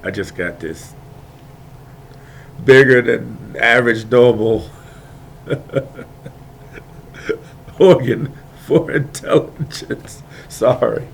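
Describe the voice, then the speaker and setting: A man in an impassioned, digressive monologue, repeating himself and swinging between quiet talk and loud outbursts. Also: mid-range voice, very slow, gravelly, pauses often, slight background noise. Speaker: video maker airing grievances.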